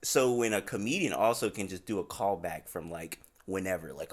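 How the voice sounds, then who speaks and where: A man hosting a casual podcast interview, laid-back, often trailing off quietly. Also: on the low side, animated, fairly quick, few pauses. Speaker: podcast host.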